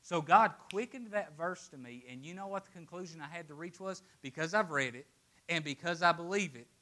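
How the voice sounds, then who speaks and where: A man preaching a sermon to a congregation, swinging between loud, emphatic declarations and hushed, quiet asides. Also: on the high side, a little fast.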